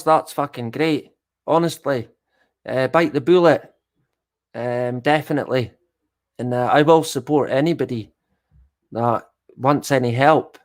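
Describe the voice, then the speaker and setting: A middle-aged Scottish man chatting casually on a live stream, swearing freely and joking at his own expense. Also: mid-range voice. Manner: swears a lot, chatty and self-deprecating.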